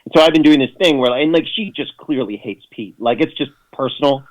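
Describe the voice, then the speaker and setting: A man's voice: medium pitch, brisk, low-quality recording. Guy rambling on a talk radio show, lots of likes and ums, dry jokey tone, mid voice. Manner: rambling, many fillers and restarts; sardonic jokes in mock voices. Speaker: guest. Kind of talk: casual radio interview chat.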